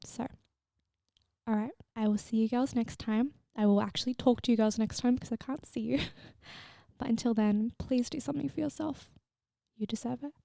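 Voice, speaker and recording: A young woman talks straight into the mic on her own podcast, close and with no room sound. Her voice sits a bit high with a gravelly edge, and she sounds tearful as she swears and cheers the listener on with blunt warmth. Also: steady tone, normal speed, no echo. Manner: frank and swearing, affectionate pep talk. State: tearful, emotional. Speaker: podcast host. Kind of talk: solo motivational podcast talk.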